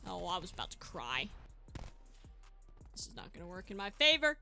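A woman's voice: on the low side, moderate pace, vocal fry, faint music behind. A woman hosting a gaming channel, giving live gameplay commentary in a chatty, self-mocking way and yelping in bursts. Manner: excitable, yelps and shouts in bursts.

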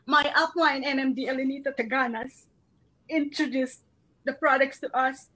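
High-voiced earnest woman from the Philippines. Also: steady tone, normal speed, sharp tone, low-quality recording. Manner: earnest, tearful, fighting back tears. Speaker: marketing director giving a recognition speech. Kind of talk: emotional testimonial speech.

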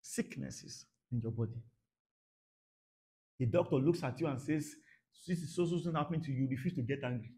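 A man preaching a sermon, dramatic, dropping to soft murmurs and then bursting out, repeating phrases for emphasis. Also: mid-range voice, a little fast, pauses often. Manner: repeats phrases for emphasis, laughs at his own points. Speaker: pastor.

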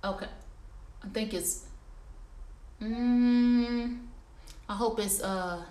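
A woman hosts a shopping livestream from her phone or computer, reviewing clothes in a chatty, casual way and calling her viewers y'all. Her voice is on the high side and warm, with fairly even intonation and a very slow pace, and the sound is reverberant.

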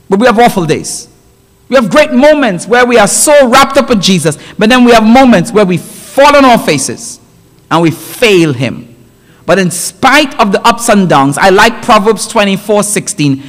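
A man preaching a sermon in a church, telling a story with emphatic, animated delivery and brief character voices. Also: high voice. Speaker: pastor. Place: church sanctuary. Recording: long church hall reverb.

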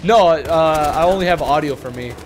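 A young man uploads audio-only gaming chat recorded on a home desk mic, telling rambling, profane stories while laughing a lot as he plays. His voice is on the high side at a normal speed, with a little hiss or hum.

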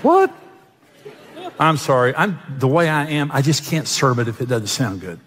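A man's voice: mid-range voice, sing-song, normal speed, a bit bright, a faint crowd. A man playing a fussy restaurant waiter who turns down orders in a bossy, mock-polite way. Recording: long hall reverb.

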